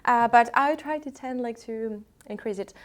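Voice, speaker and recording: A French woman speaking English with a clear French accent, in a slightly high voice. She talks in a chatty, hesitant way, with fillers and restarts, as she casually shows products to her viewers. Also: moderate pace. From France. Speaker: vlogger selling secondhand luxury bags.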